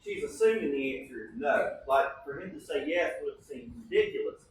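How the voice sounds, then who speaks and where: A man's voice: on the high side, huge pitch swings, a little fast, heavy reverb, far from the mic, slight background noise, rough recording. A man preaching a sermon as pastor, teaching in a conversational way and often checking in with the congregation. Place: church sanctuary.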